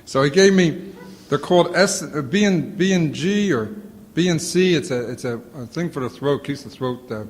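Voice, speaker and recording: A man telling comic stories to an audience in animated bursts, with a sore throat and a lozenge in his mouth. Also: on the high side, moderate pace, big-room sound. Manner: animated storytelling, acts out quotes. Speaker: comedian answering audience questions. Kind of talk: casual Q&A talk. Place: auditorium before a live audience.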